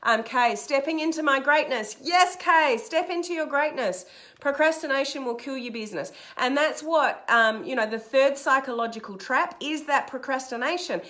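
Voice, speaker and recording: A middle-aged woman with an Australian accent, giving a direct, energetic motivational talk as a coach on a live stream and reading out viewer comments as she goes. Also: high-pitched, moderate pace. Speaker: online business coach.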